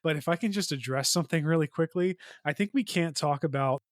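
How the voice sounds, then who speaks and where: A man's voice: a little high, fairly quick, no room sound, clean studio sound. A man co-hosting a podcast in casual chat, rambling with lots of fillers. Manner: rambling, heavy "like" and "you know" fillers. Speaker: podcast co-host.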